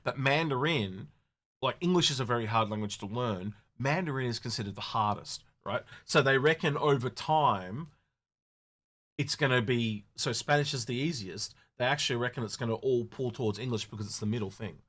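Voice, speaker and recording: A man co-hosting a casual podcast, rambling and animated with many restarts. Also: mid-range voice, moderate pace. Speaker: podcast co-host. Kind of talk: casual chat.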